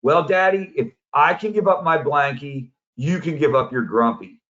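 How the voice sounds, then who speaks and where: A man's voice: on the high side, normal speed, fairly bright tone, muffled recording, close to an everyday voice. A man quoting a five-year-old girl who earnestly pleads with her father, while telling a story.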